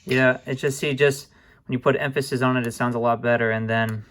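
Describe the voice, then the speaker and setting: A young man casually walking viewers through music production software, relaxed and informal, often calling them guys and apologizing for small slips. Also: medium pitch, fairly quick. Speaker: music production tutorial host. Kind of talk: casual screen-recorded tutorial.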